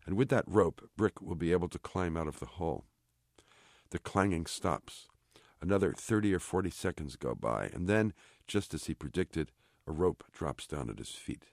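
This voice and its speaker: Deep-voiced man reading his novel. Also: expressive, moderate pace, a little mellow, no echo, studio quality. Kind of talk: literary reading.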